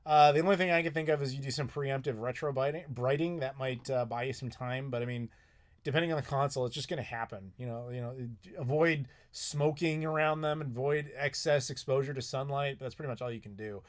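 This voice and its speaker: A man's voice: medium pitch, a little fast. A man in his thirties hosting a live stream from home, answering chat questions in a rambling, casual way with some swearing. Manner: rambling, chatty, with frequent swearing and laughs. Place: home in Chicago.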